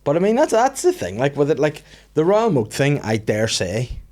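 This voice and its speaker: A man's voice: a little high, huge pitch swings, normal speed, a little mellow. A young man with a Northern Irish accent hosting a casual comedy podcast, rambling through stories, acting out quotes and laughing often. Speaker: podcast host.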